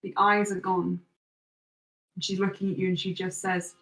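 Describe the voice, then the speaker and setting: A woman narrating a tabletop role-playing game as game master, in slow, measured second-person description. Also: lowish voice, little pitch movement, a bit bright, roomy sound, recorded from a distance, low-quality recording.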